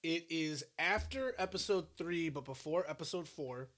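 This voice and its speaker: A man's voice: a little high, lively intonation, normal speed, fairly bright tone. A man co-hosting a casual eating podcast, chatty and hedging with fillers as he talks. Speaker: podcast co-host. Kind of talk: casual chat while eating.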